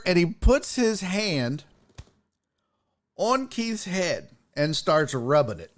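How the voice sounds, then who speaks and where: A man's voice: a little high, lively intonation, normal speed. A man hosting a sports talk show, telling a story in a casual, profane way and laughing often.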